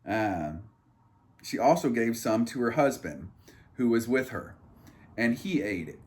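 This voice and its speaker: A man's voice: mid-range voice, big pitch swings, a little slow, darkish tone. A man reading a Bible passage aloud and breaking off into irreverent, crude joking asides, with a loose, rambling delivery full of fillers and restarts. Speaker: Bible study leader. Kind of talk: casual Bible reading with commentary.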